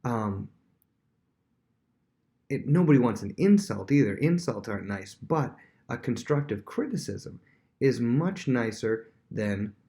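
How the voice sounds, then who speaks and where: A man's voice: medium pitch, expressive, a little slow, mellow. A man who is a worship leader, teaching a casual Bible lesson with everyday examples and frequent restarts.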